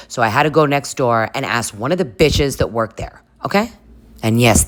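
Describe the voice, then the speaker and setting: A man's voice: mid-range voice, fairly bright tone, natural voice. A man voicing a snippy, defensive young woman who snaps back sarcastically. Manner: snapping, sarcastic.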